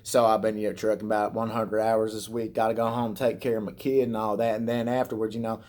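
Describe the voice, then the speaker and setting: A man voicing a brash, foul-mouthed trucker with a put-on Southern hillbilly accent, griping in a slow drawl. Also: fairly low pitch, flat delivery, a little mellow, pitched below the performer's own voice, close to an everyday voice.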